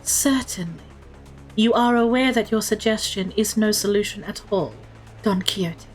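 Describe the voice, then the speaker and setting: A woman doing a cool deadpan genius. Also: medium pitch, faint music behind, lightly acted. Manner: calm, measured, deadpan. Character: cool, composed female genius adviser.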